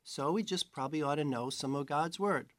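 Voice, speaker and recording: A man's voice: a little high, fairly quick, fairly bright tone, dry recording. A man from New York giving a conversational sermon as a Bible teacher, with chatty, self-mocking asides.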